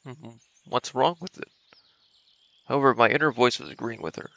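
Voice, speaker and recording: A man's voice: medium pitch, moderate pace, vocal fry, a bit bright, highs cut off. A young man streaming, reading a visual novel aloud dramatically and adding joking asides.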